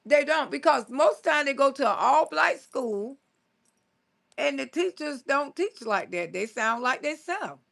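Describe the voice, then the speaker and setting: Gravelly, high-voiced woman in her sixties. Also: lively intonation, measured pace, a bit bright. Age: 60s. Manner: blunt, salty, laughs often, scolding storyteller. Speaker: comedian live-streamer. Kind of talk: casual live-stream chat reading viewer comments.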